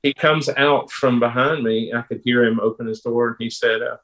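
A man in his fifties, a pastor and police officer, tells a personal story in a halting, unhurried way with frequent pauses and restarts. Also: mid-range voice, fairly even intonation, fairly bright tone, poor audio. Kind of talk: personal storytelling in a podcast interview.

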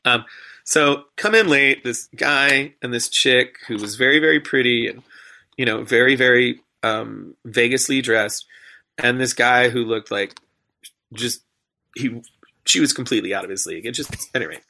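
A man, a stage performer and emcee, telling an animated story and acting out the quoted lines. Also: mid-range voice, normal speed, vocal fry.

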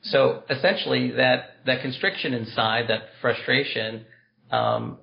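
A man's voice: mid-range voice, a little slow, vocal fry, highs cut off. A man being interviewed on a podcast, explaining a compassion practice in an earnest, explanatory way with spiritual wording. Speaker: guest, compassion practice teacher.

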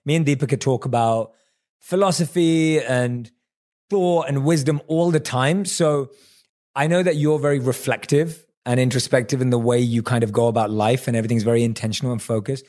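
A man's voice: mid-range voice, brisk, a little mellow. A man hosting an interview podcast, chatting casually and enthusiastically, often restarting his sentences as he rambles. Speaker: podcast host.

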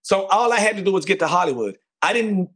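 A man from North Carolina, a guest actor, telling his story in an animated, emphatic way and repeating phrases for stress. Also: high-pitched, quick pace. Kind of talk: excited storytelling interview.

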